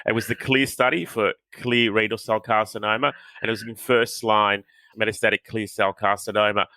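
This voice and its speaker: Bright-voiced man explaining trial data. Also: lowish voice, flat delivery, normal speed, no room sound, rough recording. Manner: explanatory, matter-of-fact. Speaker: oncologist. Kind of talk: roundtable discussion.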